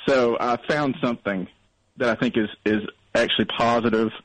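A man's voice: mid-range voice, steady tone, normal speed, fairly bright tone, no echo, low-quality recording. A man from North Alabama, calling into a radio show, rambling in a wry, self-deprecating way while getting over being sick. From North Alabama, USA. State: sick, recovering. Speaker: caller. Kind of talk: casual call-in chat.

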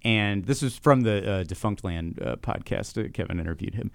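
A man co-hosting a podcast in casual chat, excitable and laughing often, tripping over his words. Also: fairly low pitch, moderate pace, creaky, dry recording, clean studio sound. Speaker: podcast co-host.

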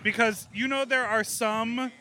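A man's voice: very high voice, steady tone, pushed and bright, faint music behind. A man hosting a podcast, interviewing guests at an outdoor hotel pool party with camp, teasing wit. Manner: camp, teasing, quick-witted. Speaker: podcast host. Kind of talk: roving poolside interviews.

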